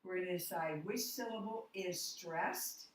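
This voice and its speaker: A woman's voice: fairly low pitch, unhurried. A woman teacher giving a patient, step-by-step phonics lesson, correcting herself as she goes. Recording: echoey room, mic far off.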